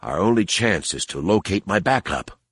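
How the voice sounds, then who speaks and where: A man voicing a grim, wounded male secret agent who talks in clipped, low lines. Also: animated, moderate pace, slightly rough, no echo, clean studio sound, full character voice. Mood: grim, terse.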